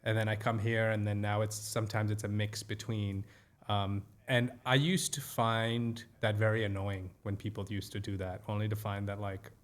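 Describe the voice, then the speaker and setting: A man's voice: lowish voice, level tone, moderate pace. A man from Nigeria co-hosting a podcast, trading jokey banter and laughing often. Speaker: podcast co-host. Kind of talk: casual chat.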